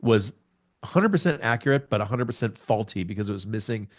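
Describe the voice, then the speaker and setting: A man in his forties, a podcast guest, telling a personal testimony in a lively storytelling way with sound words. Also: fairly low pitch, fast. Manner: animated storyteller, acts out scenes with sound words.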